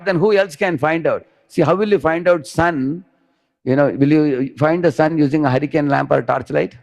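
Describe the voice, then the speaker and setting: Man, gravelly voice, storytelling spiritual teacher who checks in with listeners. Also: on the high side, moderate pace. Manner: explains with stories, asks "huh?" often. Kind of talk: devotional class commentary.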